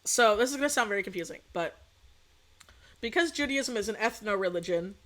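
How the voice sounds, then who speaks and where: A woman's voice: mid-range voice, expressive, fairly quick, a bit bright. A young adult woman streaming as a VTuber, chatting casually and rambling, swearing freely and laughing often. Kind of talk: casual chat.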